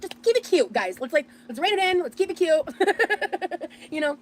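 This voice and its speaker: A woman telling a story in a chatty, animated way, full of fillers. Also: extremely high pitch, normal speed, a little hiss or hum. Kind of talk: casual storytelling.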